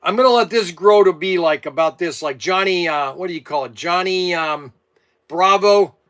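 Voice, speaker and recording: A man with a notably high speaking voice talks straight to camera in a loose, meandering monologue. He drifts from one complaint to the next and grumbles as he goes, the way a hobby channel host chats with his regulars. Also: normal speed, fairly bright tone, smooth. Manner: meandering storyteller, grumbling asides. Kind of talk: casual rambling monologue to camera.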